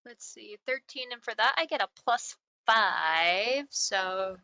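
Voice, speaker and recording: A woman playing a tabletop game, animated and quick to cheer or curse at rolls. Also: mid-range voice, vocal fry, no echo. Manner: animated, swings into laughs and cheers. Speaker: player.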